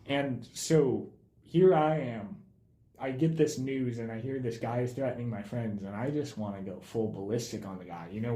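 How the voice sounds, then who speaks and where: A young man, a film student, telling production stories in a casual podcast chat, animated and growing loud when excited. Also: medium pitch. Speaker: film student director, guest. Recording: roomy echo.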